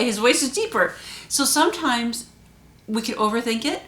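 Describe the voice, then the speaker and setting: A woman hosting her own vlog, talking straight to the viewer and shifting her pitch and loudness for emphasis. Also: animated, moderate pace. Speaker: channel host. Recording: roomy echo.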